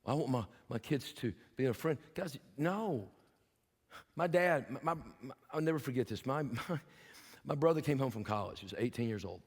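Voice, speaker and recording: Older pastor preaching with long reverb. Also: male voice, mid-range voice, animated, normal speed, breathy edge. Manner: folksy storytelling with humor; earnest, emphatic exhortation. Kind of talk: sermon. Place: church sanctuary.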